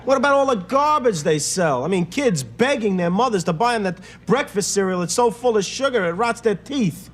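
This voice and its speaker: A young actor playing a needling, sarcastic son-in-law in a sitcom. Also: male voice, high voice, expressive, normal speed, few pauses. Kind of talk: sitcom acting. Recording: noisy old TV sitcom audio.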